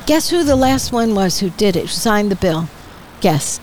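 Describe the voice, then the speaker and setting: Older woman telling lively stories. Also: mid-range voice, moderate pace, a little hiss or hum, rough recording. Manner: lively storyteller, acts out quoted voices, laughs often. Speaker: guest, retired politician. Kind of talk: casual interview chat. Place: outdoor bar patio.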